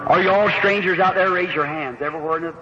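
A man's voice: high voice, fast talker. A man leading a revival healing service, folksy and earnest, calling out prayer card numbers and rising to fervent emphasis. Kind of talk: revival sermon and prayer line. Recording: lo-fi old recording with audible hiss.

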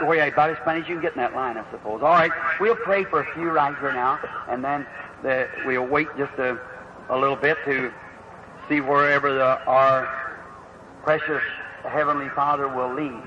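A man's voice: medium pitch, steady tone, moderate pace. A man leading a revival healing service, folksy and earnest, calling out prayer card numbers and rising to fervent emphasis. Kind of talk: revival sermon and prayer line. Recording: lo-fi old recording with audible hiss.

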